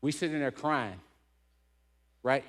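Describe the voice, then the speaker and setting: A man's voice: mid-range voice, takes it slowly, a bit bright. A middle-aged man tells a personal story to a gathering of men, earnest and heartfelt. His voice sits in a mid range. He keeps the room with him by asking "right?" after his points. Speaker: keynote speaker. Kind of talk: emotional storytelling talk to a men's gathering.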